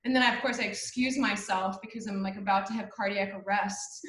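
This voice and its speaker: A woman's voice: medium pitch, steady tone, brisk, a bit bright, echoey room, poor audio. A young woman co-hosting a webinar, telling her story casually and acting out the voices in it, with frequent laughs. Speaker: webinar co-host.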